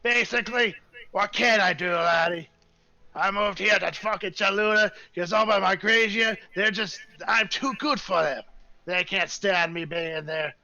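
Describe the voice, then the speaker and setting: A cursing grumpy dwarf smith. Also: male voice, sits high, unhurried, dry recording, dull audio, voice pushed up, exaggerated voice. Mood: boastful. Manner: loud, gruff, cursing, shouting. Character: grumpy foul-mouthed old male dwarf blacksmith.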